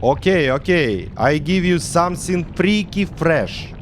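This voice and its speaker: A meek halting game developer. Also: male voice, fairly high pitch, lively intonation, slight background noise. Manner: halting broken English, slow.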